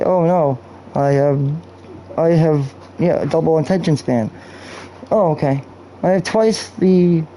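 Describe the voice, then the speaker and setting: A man's voice: a little high, gravelly, mellow, slight background noise, poor audio. A man live-streaming a video game, talking in a rambling, profane, off-topic way into a cheap microphone. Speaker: gaming streamer. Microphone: cheap streaming mic.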